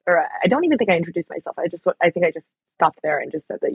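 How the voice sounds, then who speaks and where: A woman's voice: lowish voice, sing-song, racing, breathy edge, no room sound, highs cut off. A young woman telling a story as an interview guest, chatty and full of fillers. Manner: chatty, lots of fillers and likes. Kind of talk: casual storytelling.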